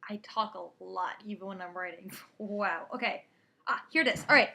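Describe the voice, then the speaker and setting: A teenage girl telling a rambling story to her camera, energetic and often breaking off mid-thought. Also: medium pitch, moderate pace, creaky. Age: teens. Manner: energetic, rambling, self-interrupting. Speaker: vlogger. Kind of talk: casual storytelling monologue.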